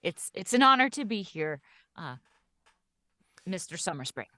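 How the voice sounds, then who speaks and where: A woman's voice: medium pitch, lively intonation, moderate pace, sharp tone. A woman playing a character in a tabletop game, polite and gracious. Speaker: player.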